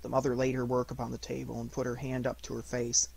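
A man narrating an audiobook in a measured, deliberate way. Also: medium pitch, monotone, gravelly, a little mellow, husky. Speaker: audiobook reader. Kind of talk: scripted narration.

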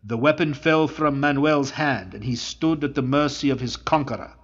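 Brief: male audiobook narrator, mid-pitched, measured, slightly muffled recording. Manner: measured storytelling. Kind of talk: audiobook reading of a classic novel.

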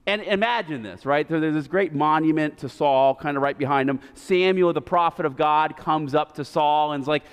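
A man's voice: on the high side, moderate pace, hardly any pauses, smooth. A male pastor preaching a sermon, retelling the story casually and animatedly with lots of fillers, recorded in a reverberant church sanctuary.

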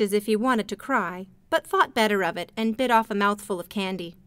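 A woman narrating a storybook in a gentle, measured way. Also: medium pitch, smooth, no echo. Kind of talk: storybook reading.

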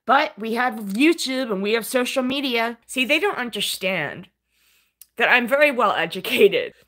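A woman's voice: a little high, expressive, moderate pace, a bit bright. A woman speaking to her viewers as an independent journalist, earnest and aggrieved in her vlog monologue.

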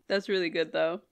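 A woman's voice: medium pitch, gravelly, fairly bright tone. A woman co-hosting a podcast in casual chat, easygoing and giggly, laughing often. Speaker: podcast co-host.

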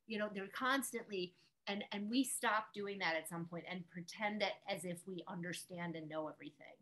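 A middle-aged woman with a mid-pitched voice hosts a casual podcast. She talks quickly and reflectively, thinking aloud as she goes. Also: fairly even intonation, a bit bright, a little hiss or hum, poor audio. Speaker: podcast host and weight-loss coach.

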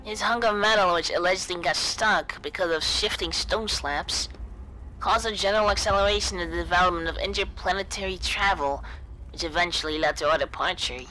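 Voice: medium pitch, fairly quick, bright, forceful tone, pitched above the performer's own voice, natural voice, rough recording. A streamer voicing an old woman recording her reflections on a voyage, read in an earnest, reflective way.

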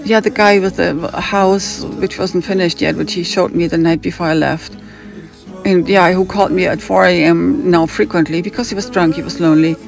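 A woman's voice: lowish voice, fairly even intonation, normal speed, creaky, soft background music. A woman from Hamburg with a German accent telling a rambling personal story, drifting off on tangents and acting out what other people said. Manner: digressive, acts out other people's lines.

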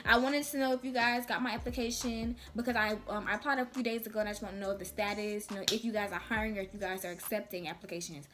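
A woman's voice: medium pitch, fairly even intonation, quick pace, few pauses. Chatty, slangy young woman vlogger. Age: young adult. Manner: chatty, slangy, acts out dialogues. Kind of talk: casual advice vlog.

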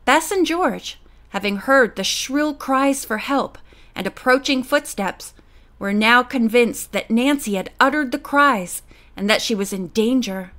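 A woman narrating a mystery audiobook with a lively, expressive reading. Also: on the high side, a little slow.

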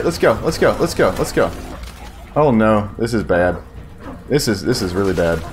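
A man giving casual, excitable commentary on his gameplay, talking to viewers and yelping when danger shows up. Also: lowish voice, normal speed, long pauses, faint music behind. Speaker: gaming YouTuber.

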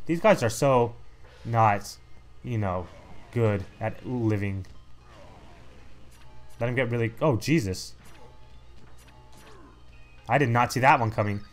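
A man's voice: mid-range voice, slow, pauses often, soft background music. A young man giving casual, sarcastic commentary as he plays a video game. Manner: sarcastic, mocking, reads game text in put-on voices. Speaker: let's play host.

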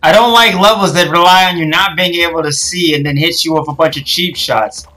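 A young woman playing a video game and commenting, cursing and yelling at the screen in frustration. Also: lowish voice, fairly quick, faint music behind. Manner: frustrated, swears a lot, yells at the game. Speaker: gaming channel host. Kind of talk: let's play commentary.

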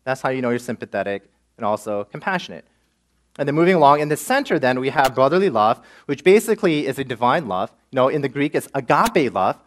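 Animated male pastor preaching. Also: mid-range voice, fast. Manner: animated, acts out self-pitying and entitled voices. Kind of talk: sermon.

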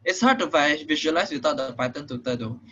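A young man with a Singaporean English accent teaches programming over an online call. He talks casually, with frequent fillers and "right?" check-ins, in a bright, forceful voice. The audio is muffled and lo-fi, like a computer microphone. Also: fairly high pitch, fast, breathy edge. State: slightly out of breath. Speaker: programming tutor. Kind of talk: online tutorial lesson.

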